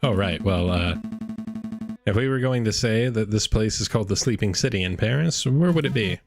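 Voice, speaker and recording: A man plays a brisk, bossy bird lawyer. His voice stays low and practical. Game music runs beneath it. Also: lively intonation, gravelly.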